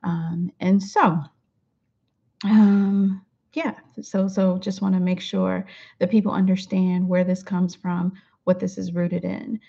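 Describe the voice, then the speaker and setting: A woman's voice: fairly low pitch, level tone, takes it slowly, vocal fry, husky. A middle-aged woman hosting a weekly affirmation talk, chatting casually to the camera from her home with many fillers. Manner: warm-hearted, chatty, many fillers, laughs easily. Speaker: host of a weekly affirmation show. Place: home room. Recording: dull lo-fi recording.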